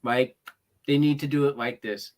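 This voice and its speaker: Mid-pitched chatty co-host, laying out scenarios in casual talk. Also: steady tone, moderate pace. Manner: spins hypothetical scenarios, chatty. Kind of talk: casual wrestling chat.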